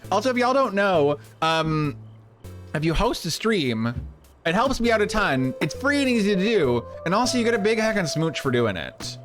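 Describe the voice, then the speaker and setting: A man's voice: high voice, sing-song, normal speed, music in the background. A man live-streaming a game, chatting casually and rambling as he thanks viewers. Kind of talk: casual live-stream chat while playing.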